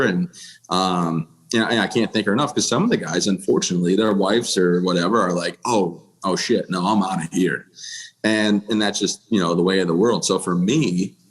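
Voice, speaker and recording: A man in his thirties from the United States speaks as a podcast guest, telling his own story candidly. His voice sits a little low, and his delivery is blunt and plainspoken, full of restarts and casual fillers. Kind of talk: candid personal storytelling in a conversation.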